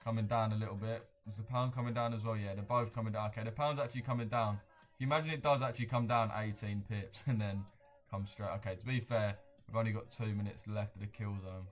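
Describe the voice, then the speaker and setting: Casting: guy, low voice, chatty and slangy livestream trader. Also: fairly even intonation, fast talker, soft background music. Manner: slangy, chatty, addresses viewers directly. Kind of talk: casual live trading commentary.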